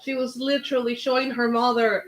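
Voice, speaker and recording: A woman's voice: fairly high pitch, level tone, brisk. A woman giving casual reaction commentary, emphatic and indignant as she talks over a show she is watching.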